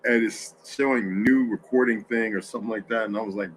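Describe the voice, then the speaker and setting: A man's voice: fairly low pitch, steady tone, a little fast, slight background noise, rough recording. Tired man rambling on a home livestream. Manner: rambling, tired, many restarts and asides. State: sleepy, yawning. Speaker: livestream host. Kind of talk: casual livestream chat.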